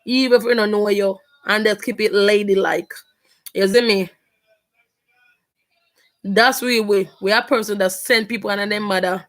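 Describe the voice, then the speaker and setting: A woman's voice: mid-range voice, steady tone, moderate pace, long pauses. A woman, taunting her viewers in a casual vlog chat. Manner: taunting, repetitive, sassy. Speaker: vlogger reacting to videos.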